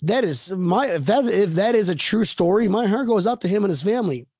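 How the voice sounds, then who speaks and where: A man's voice: sits high, animated, brisk, a little mellow, dry recording, clean studio sound. A man co-hosting a casual sports podcast, rambling and joking, often repeating words as he starts his thoughts. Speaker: podcast co-host.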